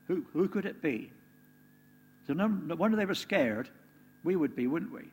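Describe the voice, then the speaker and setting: A man's voice: a little high, expressive, normal speed, pauses often, husky. Man preaching in an echoing hall. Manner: conversational, asks the listeners tag questions. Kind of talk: sermon. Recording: reverberant hall, faint hum.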